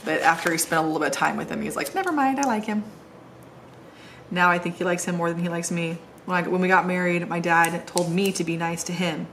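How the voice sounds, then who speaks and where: Talking quickly with few pauses, a middle-aged woman on the low side of pitch delivers her words flatly, with a bit of brightness and a little hiss or hum. She's a planner vlogger seated on her floor at home, decorating a planner and rambling casually in a self-deprecating, chatty way.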